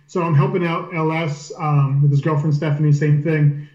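A man, a powerlifting coach, telling a lively story in casual podcast chat, swearing freely. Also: on the high side, moderate pace, echoey room, highs cut off.

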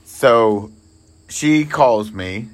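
Guy cohosting a podcast, middle pitch, just chatting and telling a story. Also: very slow. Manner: animated storyteller, voices his wife's lines. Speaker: podcast co-host. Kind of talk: casual storytelling chat.

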